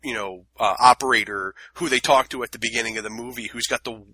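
Husky, sharp-voiced man, blunt and sardonic. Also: mid-range voice, steady tone, quick pace, no room sound, poor audio. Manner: blunt, swears freely, sardonic. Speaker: podcast co-host reviewing a film. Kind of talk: casual film review chat.

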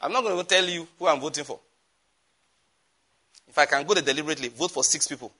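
A pastor delivers an emphatic, animated sermon. His voice sits a little high for a man and sounds bright and forceful. He repeats words for stress and throws in quick asides. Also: breathy edge.

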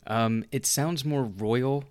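A man's voice: medium pitch, slow, a little mellow, clean tone, no room sound. A man casually discussing movies on a podcast, laid-back and hedging his opinions.

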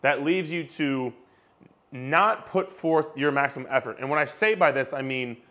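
Speaking at normal speed in a medium-pitched, slightly bright voice, a young man who works as a fitness coach delivers an emphatic rant directly to camera. He tends to repeat himself and drops casual swear words.

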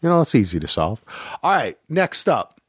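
Animated middle-aged man telling stories. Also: normal speed, breathy edge, no echo, studio quality. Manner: animated storytelling, jumps to high voices when quoting. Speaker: podcast co-host. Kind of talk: casual chat about a movie. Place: lives in Portland, grew up in New Jersey.

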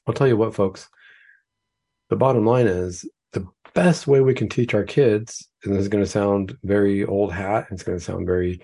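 Gravelly, husky man explaining earnestly. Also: mid-range voice, warm tone. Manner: earnest, explanatory, quotes imagined speakers. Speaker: psychiatrist and radio show host. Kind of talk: talk show monologue with case stories.

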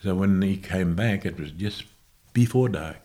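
Low-voiced man telling stories. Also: dark tone. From Australia. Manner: unhurried, halting recollection that corrects itself. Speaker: guest musician. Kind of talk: casual interview storytelling.

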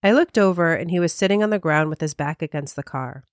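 Animated woman telling a ghost story. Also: fast, no room sound, clean studio sound. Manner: animated, pitch jumps when telling a story. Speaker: podcast co-host. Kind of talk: casual chat and told ghost story.

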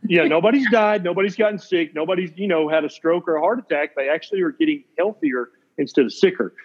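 A man's voice: fairly high pitch, fast. A man from Tennessee with a Southern accent, a doctor telling stories as a podcast guest in a blunt, folksy, plain-spoken way. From Tennessee, USA. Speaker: physician guest. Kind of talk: casual podcast storytelling. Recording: dull lo-fi podcast audio.

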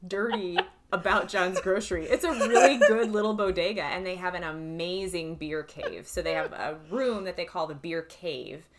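A young woman co-hosting a casual chat, telling animated stories and laughing often. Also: fairly low pitch, normal speed, few pauses. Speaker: podcast co-host.

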